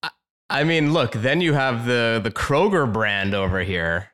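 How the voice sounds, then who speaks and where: An upbeat man hosts a casual chat podcast. His voice sits at an ordinary middle pitch, and he laughs easily between his sentences. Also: lively intonation, unhurried, fairly bright tone. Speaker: podcast host.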